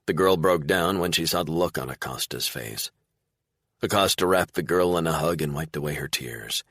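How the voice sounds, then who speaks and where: A man narrating a crime thriller audiobook in a measured, dramatic reading. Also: very deep voice, a bit bright, no echo, studio quality. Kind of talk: scripted narration.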